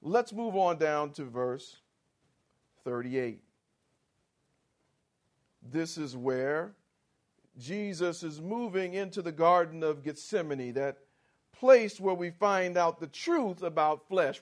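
A man preaching a sermon, slow and emphatic, reading scripture aloud and driving his points home with rising force. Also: on the high side, animated. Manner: slow, emphatic preaching with sharp rises for quoted lines. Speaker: pastor.

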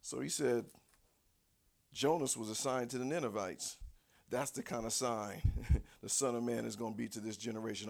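A man preaching a sermon in a folksy, conversational way, swinging between low asides and shouted cries. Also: steady tone, moderate pace, creaky. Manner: folksy, conversational, acts out voices. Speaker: pastor.

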